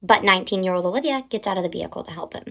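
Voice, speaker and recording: A young woman rattles off a story from her own life at a brisk clip. She tells it casually and dramatically, with lots of "like", and her voice sits at an ordinary middle pitch. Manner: animated, dramatic retelling with lots of "like".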